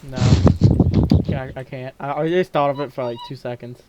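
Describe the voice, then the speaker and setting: A man's voice: mid-range voice, brisk. Dry-witted man, noisy recording. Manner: dry, brief teasing replies. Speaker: podcast co-host. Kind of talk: casual chat between friends. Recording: clear background noise.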